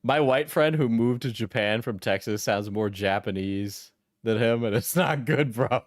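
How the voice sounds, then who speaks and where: A man's voice: mid-range voice, a little slow, no room sound, clean studio sound. A young man streaming a reaction video, laughing often, swearing and repeating himself as he gives blunt opinions. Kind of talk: casual reaction commentary.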